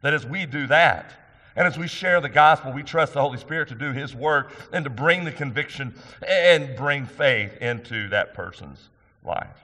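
A man's voice: medium pitch, lively intonation, normal speed, bright, forceful tone. A middle-aged man pastor delivering an earnest, emphatic sermon, asking the congregation questions. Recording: long hall reverb.

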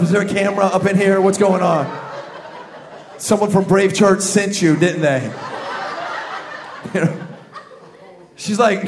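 Animated high-voiced pastor preaching. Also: male voice, noisy background. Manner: animated storytelling with sound effects and shouted emphasis. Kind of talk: comedic sermon. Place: church service with live congregation.

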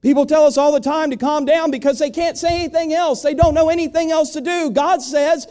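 A man preaching a sermon to his congregation, speaking conversationally and asking them rhetorical questions, building up in volume and then dropping to a quiet, confiding tone. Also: very high voice, a little fast, hardly any pauses. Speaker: pastor.

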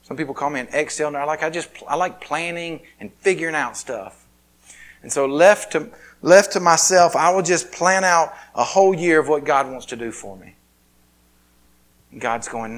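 A man's voice: fairly high pitch, normal speed, a bit bright. A man preaching a sermon, telling a personal story in a conversational, self-deprecating way. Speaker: pastor.

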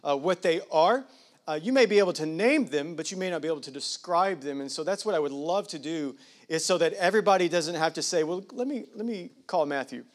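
A man preaching a sermon as pastor talks quickly in a fairly high voice. His delivery is conversational and wanders into digressions, and he puts heavy emphasis on statistics.

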